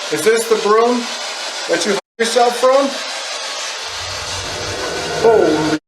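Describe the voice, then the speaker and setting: A man's voice: extremely high pitch, moderate pace. Panicked man in an echoey building. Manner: panicked, swearing, repeated exclamations. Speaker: paranormal investigator. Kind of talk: live exclamations while exploring. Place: dark abandoned building. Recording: echoey room, noisy handheld camera audio.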